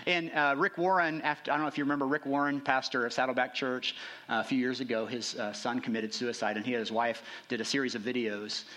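A man preaching a sermon as a pastor, conversational and checking in with the congregation, rising for emphasis and dropping low for asides. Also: level tone, fast talker. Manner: conversational, frequent "right?" check-ins; rises in pitch and intensity for emphasis, drops low and quiet for asides.

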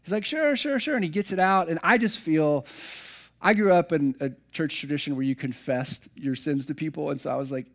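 A man's voice: on the high side, steady tone, fairly quick. A middle-aged man preaching a sermon, telling personal stories in a conversational, self-deprecating way. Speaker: pastor.

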